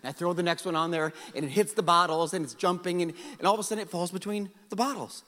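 A middle-aged man from South Dakota preaching a storytelling sermon, animated and self-mocking, acting out his own past lines. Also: high voice, quick pace. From South Dakota, USA. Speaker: pastor. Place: large church auditorium. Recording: hall reverb.

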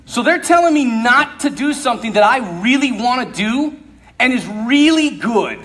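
Male preacher, high and very lively voice, comic storytelling sermon, laughs mid-line. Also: moderate pace. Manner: animated, laughs through his story.

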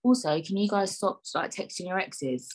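A woman's voice: mid-range voice, animated, normal speed, a little mellow, husky, rough recording. A woman hosting a solo podcast, rambling in a chatty, joking, self-mocking way. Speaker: podcast host.

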